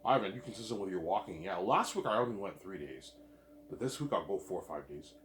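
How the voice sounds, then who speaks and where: A man's voice: sits low, animated, quick pace, a little hiss or hum. A young man rambling casually and profanely, often repeating and stumbling over his words. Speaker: vlogger. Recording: echoey room.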